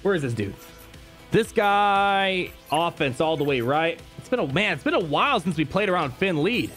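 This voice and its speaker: A young man giving live gameplay commentary as a streamer, talking to his chat and shifting quickly between calm and excited. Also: on the high side, faint music behind. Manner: excitable, talks to chat, quick mood swings.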